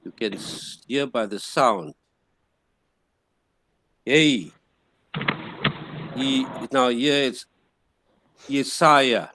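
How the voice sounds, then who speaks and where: A man giving a classroom lecture, explaining slowly and patiently with frequent restarts. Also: mid-range voice, a bit bright. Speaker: teacher.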